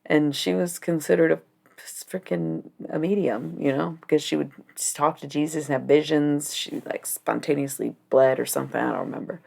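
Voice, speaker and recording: Young adult woman, livestream card reading, low pitch, gravelly, rambling casual chat. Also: steady tone, normal speed, darkish tone. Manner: rambling, giggly, swears freely. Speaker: livestreamer reading tarot-style cards.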